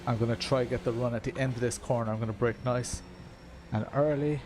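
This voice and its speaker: A man's voice: medium pitch, steady tone, brisk, a little mellow, a little hiss or hum. A young man giving live, rambling commentary while racing in a sim game, laughing often and chatting to his viewers.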